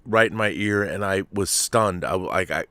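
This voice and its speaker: Podcast host guy, bright forceful voice, rambly animated storytelling, dry close sound. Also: deep voice, moderate pace, dry recording. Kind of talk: casual chat.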